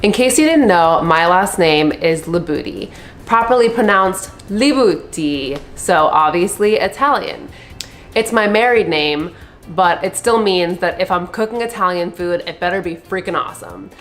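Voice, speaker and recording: A woman's voice: fairly low pitch, moderate pace, fairly bright tone, slight background noise. A woman hosting a cooking channel, chatting in a casual, upbeat way and then walking through the recipe steps.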